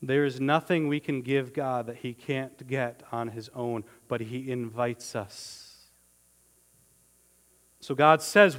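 A man preaching a sermon as pastor, earnest and emphatic, slowing down on key words and often restarting his phrases. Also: medium pitch, steady tone, long reverb tail.

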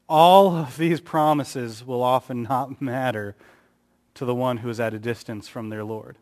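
Preaching at a normal pace, a slightly mellow male voice keeps fairly even intonation but rises higher and louder for emphasis. He brings the quotes he reads to life by acting them out, with long hall reverb on the recording.

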